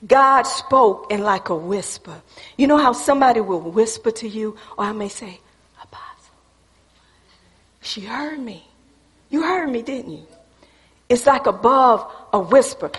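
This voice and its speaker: A woman preacher delivering a sermon in a church, emphatic and folksy, swinging between loud preaching and a hushed near-whisper, calling the congregation y'all. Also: on the high side. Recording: reverberant church hall.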